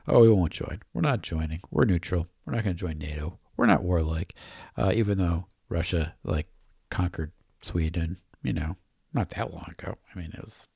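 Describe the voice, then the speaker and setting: A man's voice: sits low, vocal fry, a little mellow, breathy edge, no echo, clean studio sound. A man hosting a podcast, rambling through casual, joking commentary with lots of fillers and frequent laughs. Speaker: podcast host.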